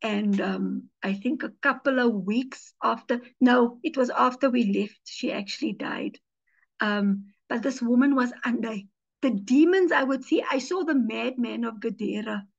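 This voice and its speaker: A woman pastor preaches with lively storytelling, slipping into the voices of the people she quotes. Her voice sits a little high for a woman's. The audio is muffled and lo-fi. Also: measured pace, creaky. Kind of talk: teaching sermon with personal stories.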